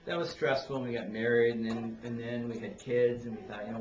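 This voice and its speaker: A man's voice: medium pitch, steady tone, muffled recording. Middle-aged man giving a rambling toast. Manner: rambling, halting, with many restarts. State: tearful near the end. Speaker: toast giver at a family gathering. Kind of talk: heartfelt personal toast. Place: indoor party room with guests. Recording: roomy, distant camera with crowd chatter.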